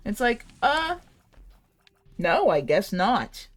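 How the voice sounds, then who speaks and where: A woman's voice: medium pitch, sing-song, slow. A woman in her late twenties chatting casually over gameplay, rambling and giggly, saying "like" a lot. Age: late 20s. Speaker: gaming channel host.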